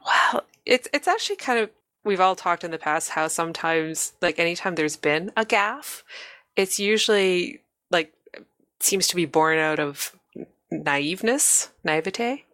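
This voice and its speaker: A woman co-hosting a podcast in casual chat, upbeat and quick to laugh. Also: on the low side, animated, a bit bright, no room sound, studio quality. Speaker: podcast co-host.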